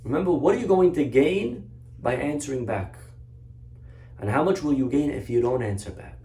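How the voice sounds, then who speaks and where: A man's voice: medium pitch, lively intonation, moderate pace, dark tone. Man, rabbi, earnest storytelling class, roomy echo, distant mic. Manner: earnest, story-driven, exhorting.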